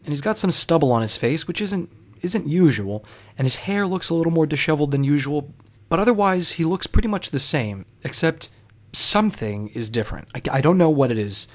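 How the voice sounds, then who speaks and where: A man's voice: fairly high pitch, animated, a little fast. A man telling a personal story in a wry, profane, conversational way.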